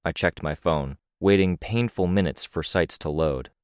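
A man narrating a first-person audiobook in a measured, even storytelling manner. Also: deep voice, clear, resonant tone, no room sound, studio quality.

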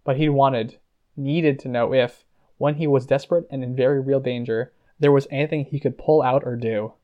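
A man narrating a novel in a measured, even storytelling voice. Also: mid-range voice, dull audio. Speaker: audiobook narrator. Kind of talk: scripted narration.

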